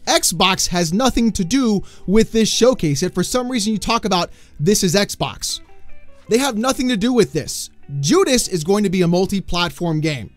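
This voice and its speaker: A man hosting a gaming commentary channel, ranting in an exasperated, mocking way that swings into shouting. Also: high voice, lively intonation, moderate pace, dry recording, faint music behind.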